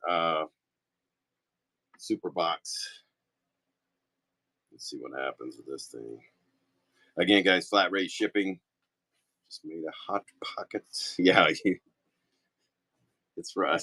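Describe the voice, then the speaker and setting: A man who owns a toy store, chatting casually through a live-stream auction, rambling with quick apologetic asides. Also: low voice, bright, forceful tone, dry recording. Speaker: toy store owner running online auctions. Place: indoor shop room.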